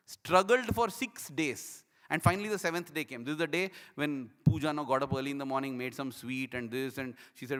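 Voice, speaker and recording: A man giving a devotional talk as a personal testimony. He tells his story in an animated, emotional way and acts out the dialogue. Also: mid-range voice, fast, big-room sound. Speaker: speaker at a devotional program.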